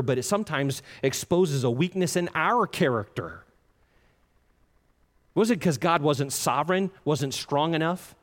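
Male preacher, earnest sermon, pitch swings a lot, long hall reverb behind him. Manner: earnest, acts out the listener's complaints in quoted asides.

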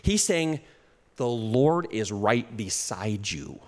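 A man preaching a sermon in a church hall, with an animated delivery. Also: fairly low pitch, slow. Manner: animated, acts out little quoted exchanges, chuckles at his own jokes. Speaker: pastor. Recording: long hall reverb.

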